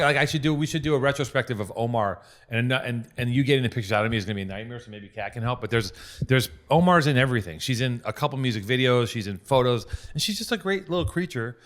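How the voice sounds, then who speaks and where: A man hosting a podcast in casual chat, telling stories animatedly and swearing freely. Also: mid-range voice. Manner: profane, animated storytelling with acted-out quotes. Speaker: podcast host.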